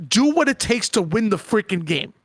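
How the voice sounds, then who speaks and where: A man's voice: sits high, big pitch swings, moderate pace, fairly bright tone, no room sound. A man co-hosting a podcast, talking emphatically and ranting, often stammering as he restarts his sentences. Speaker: podcast co-host. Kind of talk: casual podcast discussion.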